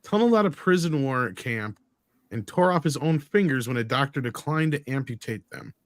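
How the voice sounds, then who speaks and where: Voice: mid-range voice, animated, brisk, no room sound. A podcast panelist chatting casually and reading out a story.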